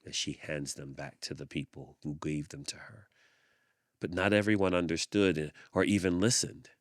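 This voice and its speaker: A man hosting a podcast, reading a picture book aloud with expressive storytelling and thoughtful hums. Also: a bass voice, normal speed, dry recording, clean studio sound. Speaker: podcast host.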